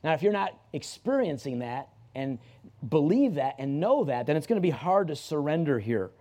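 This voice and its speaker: Mellow, conversational male pastor. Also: fairly high pitch, sing-song, normal speed. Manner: conversational, with frequent restarts and emphatic repeats. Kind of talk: sermon. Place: church service.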